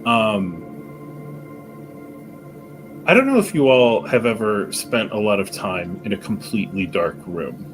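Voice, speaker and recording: Lower-voiced male game master. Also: big pitch swings, unhurried, pauses often, faint music behind. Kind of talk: narrating a tabletop game.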